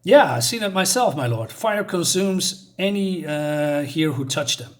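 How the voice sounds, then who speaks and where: A man's voice: fairly high pitch, lively intonation, unhurried. A man reading aloud the lines of a scheming male fire demon disguised as a village elder, in a gloating, theatrical way. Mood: humble. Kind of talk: reading comic dialogue aloud.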